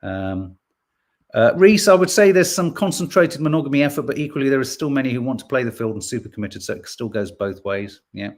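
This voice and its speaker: A man's voice: mid-range voice, animated, brisk, darkish tone. A man from Birmingham hosting a podcast, casually reading out headlines and viewer comments with jokey, playful asides. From Birmingham, England. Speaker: podcast host.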